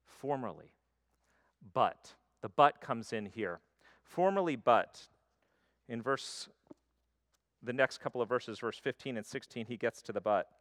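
A man preaching a sermon, swinging between loud emphasis and quiet, intimate stretches. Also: mid-range voice, unhurried, dry recording, clean studio sound. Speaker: pastor.

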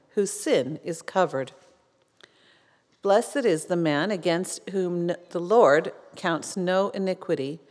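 Woman reading scripture slowly in church. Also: fairly low pitch, darkish tone. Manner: slow and measured. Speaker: scripture reader. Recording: long church reverb.

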